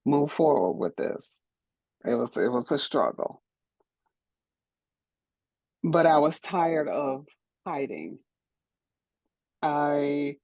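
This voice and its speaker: Gravelly middle-aged woman, frank and encouraging. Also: low-pitched, darkish tone, dry recording, highs cut off. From Detroit, USA. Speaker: DJ and producer, interview guest. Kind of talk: candid interview answers.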